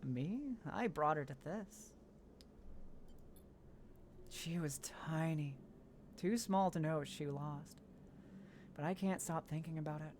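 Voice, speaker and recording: Woman reading as a tired ex-soldier father, soft and subdued, lowish voice, game dialogue. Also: slow, pauses often, slight background noise. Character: weary former mercenary father, man.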